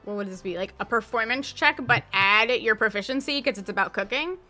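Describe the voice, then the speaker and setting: A woman's voice: fairly high pitch, brisk, pushed and bright, soft background music. A woman narrating as game master of a tabletop game, chatty and full of filler words.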